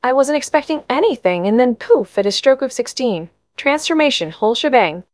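A woman voicing an eager, nervously reassuring mother who talks excitedly about family fairy magic, in an audiobook. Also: high-pitched, fairly quick, no room sound, studio quality, voice pushed up. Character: eager, nervous middle-aged mother, chatty fairy-line enthusiast. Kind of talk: audiobook narration.

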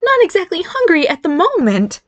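A woman's voice: very high-pitched, huge pitch swings, normal speed, highs cut off, pitched above the performer's own voice, heavily acted. A woman voicing a sulky teenage fairy boy turned into a girl, sarcastic and whiny, in an audiobook.

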